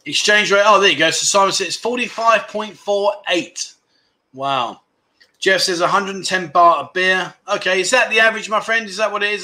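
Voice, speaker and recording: A man's voice: sits high, sharp tone. A man hosting a casual livestream, rambling frankly and calling his viewers mate as he reads out their comments. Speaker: livestream host.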